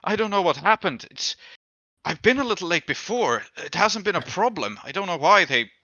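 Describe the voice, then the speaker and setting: A man's voice: high-pitched, sing-song, normal speed, sharp tone, dry recording, dull audio, pitched above the performer's own voice, full character voice. A man voicing a drunk, bruised, despondent male tea seller who stammers and mumbles through his words. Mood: rattled. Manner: stammering, mumbling, self-pitying.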